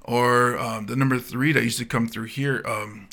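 A man's voice: medium pitch, normal speed, gravelly. A man in his thirties from Hawaii with a light Pidgin-tinged accent, telling stories in a casual podcast chat and acting out the voices of the people in them. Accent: Hawaiian Pidgin-tinged English. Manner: animated storyteller acting out quoted voices. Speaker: comedian guest.

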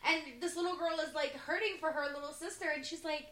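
A woman's voice: high voice, a little fast, fairly bright tone, reverberant. A woman in her forties chatting casually, telling stories with frequent laughter. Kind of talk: casual chat.

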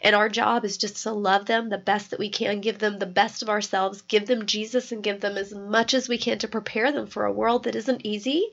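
A woman's voice: mid-range voice, fairly even intonation, brisk, gravelly, hardly any pauses, fairly bright tone. A woman hosting a faith-based podcast, speaking in an affirming, reflective way. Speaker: podcast host. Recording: dull lo-fi podcast recording.

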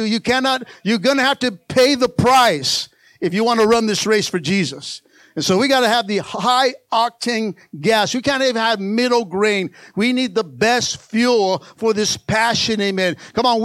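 A man's voice: high-pitched, a bit bright, no echo. An older man preaching a sermon to his church, calling out to the congregation and repeating phrases. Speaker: pastor.

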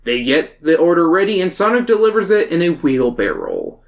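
A casual book club host reading a story summary aloud. The talk is loose, with frequent laughs and stammered restarts. The voice sits at a middle pitch. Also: big pitch swings, moderate pace.

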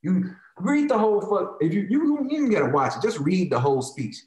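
A man's voice: sits high, very animated, fairly quick, a little mellow, roomy sound, poor audio. A man in his thirties with an African American Vernacular English accent, ranting in casual talk; heated, profane and emphatic, repeating lines to drive his point home. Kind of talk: casual opinionated rant.

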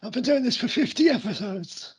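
Silly ancient old man bit, performed by a man, high quaver, husky. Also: animated, fairly quick, no room sound, heavily acted. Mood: mock-ancient. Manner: playful, exaggerated high quavering.

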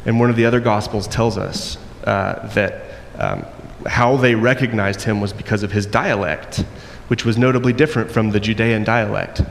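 A man preaching a sermon, acting out the quoted voices and moving between loud and soft passages. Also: on the low side, fairly even intonation, moderate pace, gravelly, few pauses. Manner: acts out quoted voices, varies loudness widely. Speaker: pastor. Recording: long echo in a hall, faint noise.

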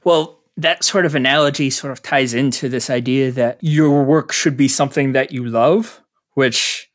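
A man speaks in a measured, even way in a casual podcast discussion. His phrases carry hedging fillers, and his voice sits at a middling pitch. The recording is dry. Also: no echo.

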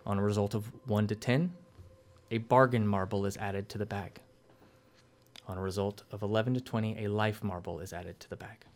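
A man narrating as game master of a tabletop game, explaining rules in a measured, step-by-step way. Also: on the low side, darkish tone.

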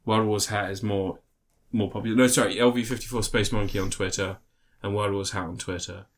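A man co-hosting a casual podcast about films, talking in a sweary, animated way and often laughing. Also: lowish voice, fairly quick. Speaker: podcast co-host. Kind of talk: casual film review chat.

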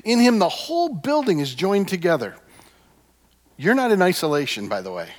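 A man preaching a sermon as a pastor, emphatic, with repeated refrains that swing from hushed to loud. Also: high-pitched, wildly swooping pitch, moderate pace. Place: church sanctuary. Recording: long hall reverb.

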